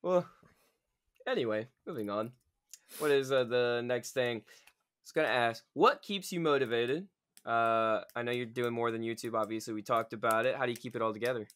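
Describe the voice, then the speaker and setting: Male podcast host, bright tone, chatty and animated. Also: mid-range voice, smooth. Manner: animated, chatty, quick to laugh. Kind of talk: casual podcast interview.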